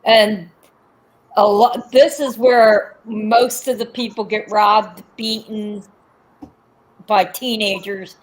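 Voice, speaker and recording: A woman's voice: mid-range voice, fairly even intonation, takes it slowly, poor audio. A woman with a Philadelphia accent chatting casually and animatedly with friends, often talking over them. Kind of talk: casual chat.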